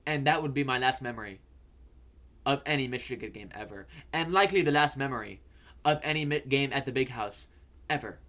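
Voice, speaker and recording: A man's voice: medium pitch, a little fast, a bit bright. A young man hosting a fantasy football video, telling a story in a rambling way, stammering and repeating words and swearing casually.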